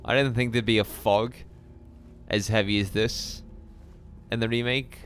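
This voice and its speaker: A man streaming a live game playthrough, chatting with viewers in a relaxed, musing way. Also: fairly low pitch, unhurried, slight background noise. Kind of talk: live gameplay commentary.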